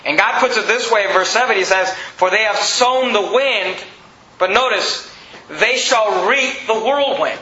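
A man preaching a sermon as pastor, emphatic and building to shouts on key lines. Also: high-pitched, a little slow, slight background noise. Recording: roomy, slightly dull with faint ambience.

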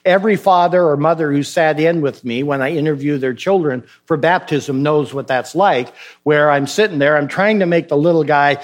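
A man's voice: on the high side, normal speed. A man preaching a sermon as pastor, emphatic and questioning, acting out short dialogues.

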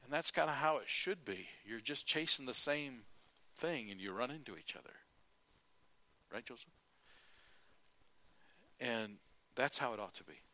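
This middle-aged man preaches at an unhurried pace with long pauses, his medium voice lively in intonation and pushed, bright in tone. His sermon is full of folksy stories and acted-out quotes, broken by frequent throat-clearing.

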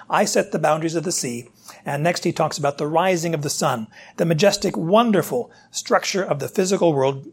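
Guy preaching, husky voice kinda high, lots of rhetorical questions. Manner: animated, rhetorical questions, voices God's challenges. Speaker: pastor. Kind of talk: sermon.

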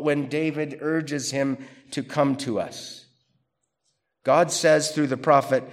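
In a classroom theology lecture, a male teacher speaks slowly in a mid-range voice, pausing often. He's animated and conversational, reading quotations out loud and then questioning them.

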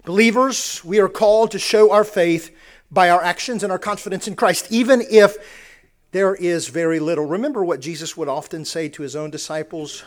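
A man's voice: sits high, brisk. A man preaching a sermon, earnest, often repeating words and restarting phrases as he builds a point.

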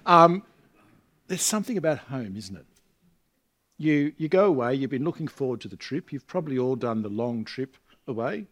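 A man's voice: a little high, animated, normal speed, pauses often, fairly bright tone. A middle-aged man from Australia preaching a sermon in a chatty way, asking his congregation rhetorical questions. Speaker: visiting preacher. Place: church congregation.

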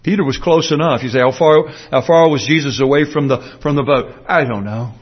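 A man preaching a sermon, explaining a passage earnestly and slowing down to stress his points. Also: medium pitch, dull audio. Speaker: pastor.

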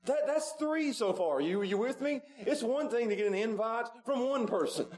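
A male pastor preaching a sermon in a church sanctuary, repeating his pleas with passion and swinging from loud pleading to hushed. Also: very high-pitched, expressive, normal speed, rough recording.

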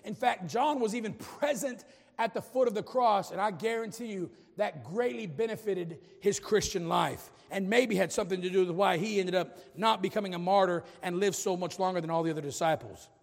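High, gravelly preacher man. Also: brisk, long reverb tail. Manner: impassioned preaching with humorous asides. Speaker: pastor. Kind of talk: sermon.

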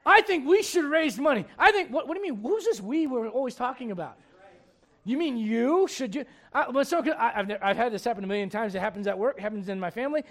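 A man preaching a sermon, shifting between quick asides, mimicked voices of churchgoers, and low, slow scripture reading. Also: expressive.

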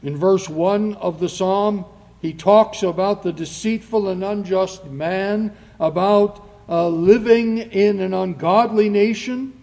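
A man delivers a sermon in a high voice, taking his time over each phrase. He lifts into loud, emphatic readings of scripture. The sound rings with the long reverb of a church hall. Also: slow pace. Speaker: pastor.

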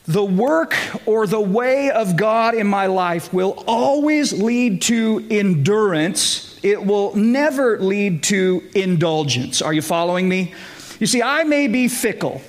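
A high-voiced male pastor delivers a conversational sermon, frequently checking in with his listeners through quick questions.

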